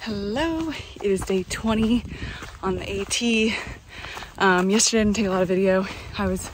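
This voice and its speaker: A woman's voice: medium pitch, moderate pace, noisy background. Chatty woman vlogging on a trail. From North Carolina. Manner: chatty, upbeat, loose and rambling. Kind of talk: casual on-the-go vlog talk. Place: outdoors on a mountain trail. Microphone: handheld phone.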